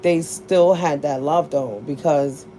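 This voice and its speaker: A woman's voice: sits low, fairly even intonation, takes it slowly, warm tone, a little hiss or hum. A woman in her forties telling a casual story to her viewers, blunt and profane, laughing often as she talks. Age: 40s. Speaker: vlogger.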